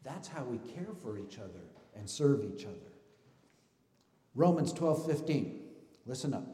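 A man preaching a sermon as pastor of his church, talking in a relaxed conversational way with asides and rhetorical questions. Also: mid-range voice, measured pace, pauses often. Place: church sanctuary. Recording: roomy hall reverb.

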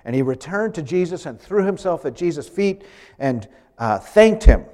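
A man's voice: fairly high pitch, very animated, moderate pace, dark tone. A man preaching a sermon to a congregation, talking in a conversational way with light humorous asides. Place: church sanctuary. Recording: long church reverb.

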